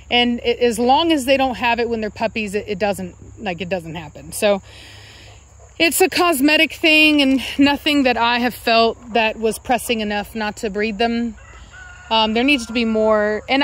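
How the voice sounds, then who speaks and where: A woman with a drawl talks casually to her viewers, pitched a little high. She rambles and corrects herself as she goes. Dogs can be heard around her. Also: fairly bright tone. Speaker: dog breeder and channel host. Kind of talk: casual vlog talk to viewers.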